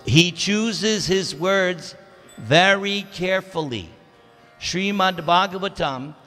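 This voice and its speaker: A man's voice: sits high, pushed and bright. A man giving a scripture class in a temple, speaking emphatically and drawing out key words as he teaches. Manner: emphatic, drawn-out teaching delivery. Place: temple hall. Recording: reverberant temple hall with faint music.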